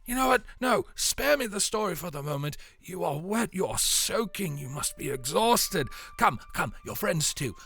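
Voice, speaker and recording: A man's voice: high-pitched, sing-song, normal speed, gravelly, hardly any pauses, slightly rough, no echo, voice pushed up, heavily acted. A man voicing a frail, doting old bird-folk elder who fusses and frets over a returning lad. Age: older. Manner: fussy, fretting, warm-hearted.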